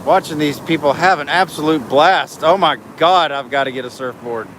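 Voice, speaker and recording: On a laid-back live stream shot on his phone at a beach inlet, a middle-aged host reads viewers' comments and talks through what he sees. His voice is fairly bright and on the high side, at a normal speed, over background outdoor noise.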